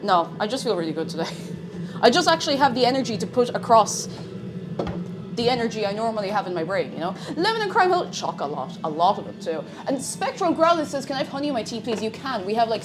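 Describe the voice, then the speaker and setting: A young woman streaming from home, chatting brightly with her viewers and greeting them by name. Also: fairly high pitch, noisy background. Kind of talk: casual live-stream chat.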